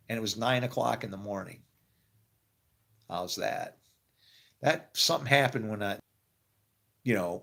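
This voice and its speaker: A man's voice: mid-range voice, vocal fry. A middle-aged man telling a personal story in a casual, rambling way, often laughing and acting out what people said. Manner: rambling, animated, quick to laugh and quote people. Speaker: actor telling his faith story.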